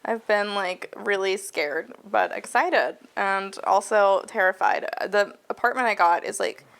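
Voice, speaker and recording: A woman's voice: mid-range voice, unhurried, vocal fry, a bit bright. A woman from Texas, a comedian guest on a podcast, chatting candidly with lots of "like". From Austin, Texas. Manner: candid, frequent laughter, uses 'like'. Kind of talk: casual comedy podcast chat.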